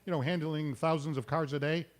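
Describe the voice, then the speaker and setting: A man hosting a live comedy show in a restaurant, telling pun jokes with quick self-mocking asides. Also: fairly high pitch, fairly even intonation, heavy background noise. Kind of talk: stand-up jokes and banter.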